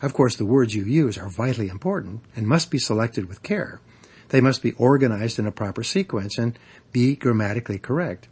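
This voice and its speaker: A husky man narrates an audiobook on persuasion and public speaking. His delivery is measured and instructive, and his pitch rises and falls in a lively way. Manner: measured, instructive, varies emphasis for examples. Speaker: author narrating a speaking guide.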